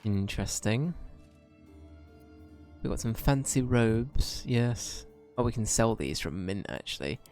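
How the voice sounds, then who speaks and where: Low gravelly-voiced man streaming a game. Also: expressive, slow, a little mellow, faint music behind. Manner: laid-back, rambling, swears freely. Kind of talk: casual gameplay commentary.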